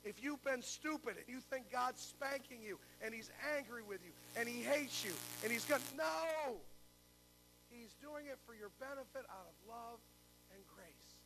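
A man's voice: extremely high pitch, moderate pace, bright, forceful tone, a little hiss or hum. An older man preaching a sermon, telling a story and then asking the congregation to answer his questions aloud. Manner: preaching with call-and-response questions. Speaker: pastor.

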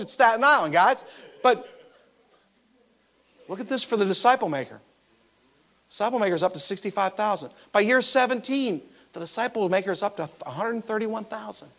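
A man preaching a sermon, animated and emphatic, swinging between loud stressed lines and soft quiet drops. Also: high voice. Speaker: pastor.

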